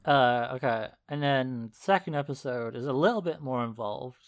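Smooth-voiced man rambling through a recap. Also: mid-range voice, normal speed. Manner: rambling, laughing retelling with many fillers. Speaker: podcast co-host. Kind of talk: casual chat.

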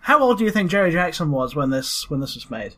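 A man's voice: fairly high pitch, sing-song, quick pace, fairly bright tone. A man co-hosting a casual podcast, chatting with dry humour, lots of fillers and frequent chuckles. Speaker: podcast co-host.

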